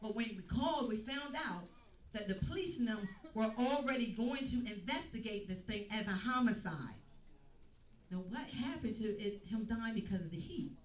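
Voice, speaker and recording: A woman with a slightly high voice gives an emotional church testimony, repeating phrases as she tells her story. She is heard from some distance in an echoey church hall. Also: animated, moderate pace. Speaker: testimony speaker. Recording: echoey room, mic at a distance.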